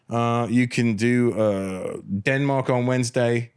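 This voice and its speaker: A man putting on the voice of a runty little male talent agent pitching a string of gigs. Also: slow, a little mellow, clean tone, close to an everyday voice. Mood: breezy.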